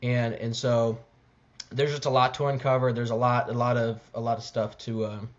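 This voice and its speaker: Sports pod dude, stumbles and repeats himself a lot, kinda muffled lo-fi mic. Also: male voice, medium pitch, level tone. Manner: halting, repeats words, restarts often. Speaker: podcast co-host. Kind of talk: casual sports podcast chat. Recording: slightly dull lo-fi mic.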